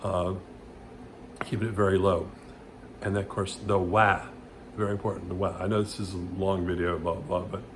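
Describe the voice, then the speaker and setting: A man teaching vocal exercises in a loose, rambling way, with many restarts and loud sung vowel demonstrations. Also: lowish voice, background noise. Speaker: vocal coach. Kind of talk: casual vocal lesson with demonstrations.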